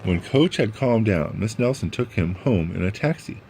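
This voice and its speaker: A man's voice: lowish voice, lively intonation, moderate pace, warm tone, a little hiss or hum. A man reading a picture book aloud, adding chatty asides about the pictures. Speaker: read-aloud storyteller.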